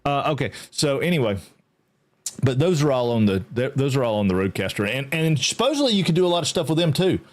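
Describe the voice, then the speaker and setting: This is a middle-aged man hosting a relaxed game livestream. He rambles in an easygoing way. He greets his viewers by name as he chats. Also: mid-range voice, fast talker. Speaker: game streamer. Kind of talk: casual livestream chat.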